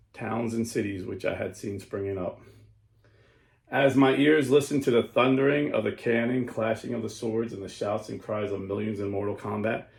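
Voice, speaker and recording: A low, gravelly male voice reads an old account with slow, stressed dramatic lines and breaks off to explain in plain talk. He sounds like the host of a Catholic commentary show, recorded in a roomy space with an echo. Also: darkish tone. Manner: slows and stresses lines when reading aloud, then explains plainly.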